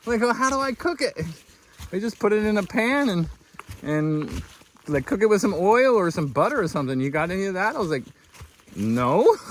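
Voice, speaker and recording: Excitable man hiker, lively pitch. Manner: excitable, laughs often, acts out both sides of a story. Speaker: thru-hiker vlogger. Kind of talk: casual storytelling to camera. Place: outdoors on a wilderness trail.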